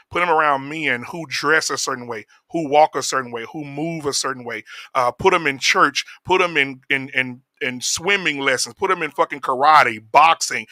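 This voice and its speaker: A man hosting a casual podcast chat, talking in an animated, profane way. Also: a little high, no room sound. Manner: animated, profane, mimics voices. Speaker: podcast host.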